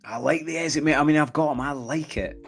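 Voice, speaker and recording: A man co-hosting a casual fantasy football podcast, full of jokey banter and quick reactions, often laughing. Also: on the high side, gravelly, breathy edge, soft background music. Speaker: podcast co-host.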